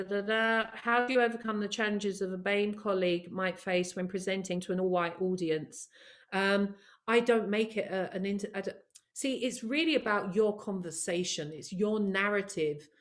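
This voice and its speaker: A woman presenting a live online training session over a video call, lively and encouraging, talking straight to her attendees. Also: medium pitch. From of Caribbean heritage. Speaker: workshop presenter.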